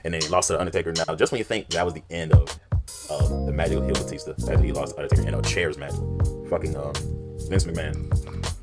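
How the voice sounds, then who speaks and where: Deep-voiced fast-talking man recapping. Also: fairly even intonation, gravelly, loud music behind the voice. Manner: fast, rambling recap with acted-out quotes. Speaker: wrestling list narrator. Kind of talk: recounting wrestling storylines.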